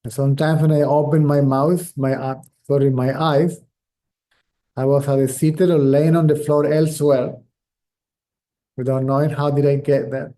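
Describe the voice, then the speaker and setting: Mellow-voiced man giving a slow spiritual talk. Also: on the high side, flat delivery. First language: Spanish. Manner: slow, measured, repeats phrases while searching for words. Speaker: spiritual teacher.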